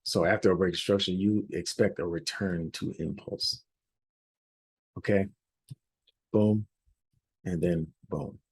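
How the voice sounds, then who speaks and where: A hoarse man presenting a weekly forex outlook over charts, rambling a little and often checking in with "all right?". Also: low-pitched, fairly even intonation, slow, pauses often, a little mellow. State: hoarse, losing his voice. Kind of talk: unscripted chart walkthrough.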